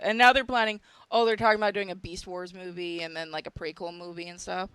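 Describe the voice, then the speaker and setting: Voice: mid-range voice, fairly quick, a bit bright, smooth, no room sound. A host chatting casually, eager and playful, laughing often. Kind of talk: casual chat.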